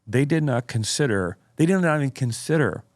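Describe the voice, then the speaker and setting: A man's voice: mid-range voice, expressive, no room sound. A pastor in casual podcast talk, his man's voice sitting in a middle register with a fervent, emphatic delivery. The sound is dry and close, with no room around it. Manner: emphatic, fervent, reads quotes with dramatic slowing.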